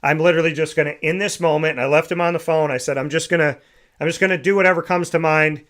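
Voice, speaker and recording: A man hosting a morning sports talk show, his voice pitched a little high. He talks quickly and eagerly, and runs through sponsor plugs with energy. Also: fairly even intonation, a bit bright. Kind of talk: casual morning show chat.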